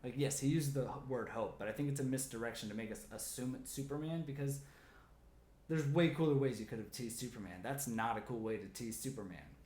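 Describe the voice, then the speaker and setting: A man hosting a comic theory video, talking casually and excitedly with lots of "like" fillers. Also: mid-range voice, brisk, roomy sound. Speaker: comic theory channel host.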